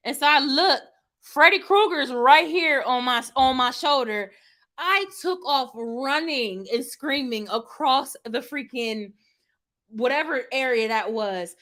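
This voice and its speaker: Animated woman telling a scary story. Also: high-pitched. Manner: animated, laughing, dramatic retelling with quoted exclamations. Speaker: vlogger. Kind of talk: casual storytelling to live chat.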